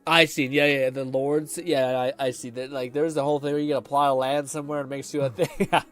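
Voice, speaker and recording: A man's voice: mid-range voice, little pitch movement, fast, fairly bright tone, soft background music. A man streaming a video game, chatting casually, swearing often and laughing a lot. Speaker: gaming streamer. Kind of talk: casual live-stream commentary.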